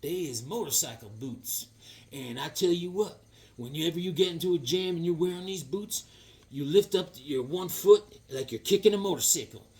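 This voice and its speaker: A man voicing a kindly old cowboy who drawls slowly in a husky, hushed voice. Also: on the high side, natural voice. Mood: drawling, gentle.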